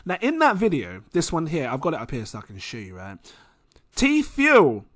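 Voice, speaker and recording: An excitable young Englishman talks through a casual crypto vlog, rambling and giggling at himself. His pitch swings widely and often jumps up in excitement. His voice sounds bright and forward. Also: moderate pace, no echo, clean studio sound. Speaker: crypto vlogger. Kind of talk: casual screen-share commentary.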